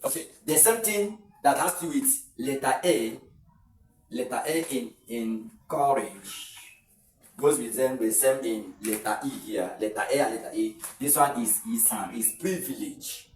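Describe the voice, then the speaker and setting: A man with a Nigerian English accent teaching pronunciation in an online lesson. He explains slowly and repeats words, drawing them out. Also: medium pitch, darkish tone, a little hiss or hum. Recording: echoey room, voice a bit far from the mic.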